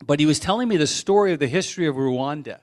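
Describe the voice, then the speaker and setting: A man's voice: on the high side, expressive, quick pace. A middle-aged man pastor preaching a sermon in a conversational, storytelling way, wandering off into side stories.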